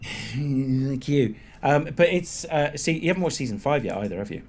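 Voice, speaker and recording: A man's voice: mid-range voice, lively intonation, moderate pace. A man co-hosting a podcast, teasing his friends with profane banter in casual chat. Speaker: podcast co-host.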